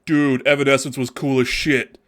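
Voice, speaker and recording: Podcast co-host, male, mid-pitched, loose and rambling, swears a lot. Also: level tone, normal speed, a bit bright. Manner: rambling and profane, lots of fillers. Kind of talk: casual chat.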